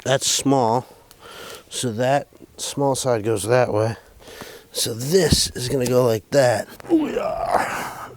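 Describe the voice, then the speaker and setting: A man's voice: mid-range voice, steady tone, slow pace. A man hosting a farm vlog, talking himself through fixing a tractor, profane and joking. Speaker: DIY farm vlog host. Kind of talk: casual narrated self-talk while working.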